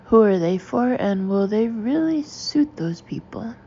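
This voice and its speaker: Blunt friend, read by a woman; succinct, mellow tone. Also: medium pitch, lively intonation, measured pace, dull audio.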